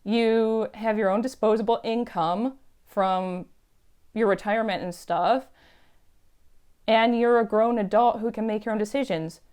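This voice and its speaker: Woman, vlog storytelling, chatty, emphatic, clear smooth tone, slightly high. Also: fairly even intonation, measured pace, a little mellow. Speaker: YouTube vlogger.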